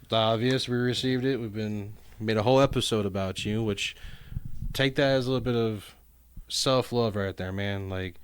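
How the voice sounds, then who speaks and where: A man's voice: lowish voice, moderate pace, a little hiss or hum. A man co-hosting a casual comedy podcast, rambling and laughing often, self-deprecating. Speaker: podcast co-host.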